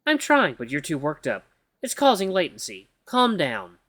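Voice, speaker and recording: A man voicing a calm, level AI companion. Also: fairly high pitch, dry recording, exaggerated voice. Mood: instructive. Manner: calm, measured, instructive. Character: calm, matter-of-fact AI companion in the head.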